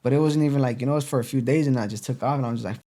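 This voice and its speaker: A young man, a podcast guest telling his story in casual street slang, full of "you know" and "boom.". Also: fairly even intonation, very fast, dark tone. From East Los Angeles.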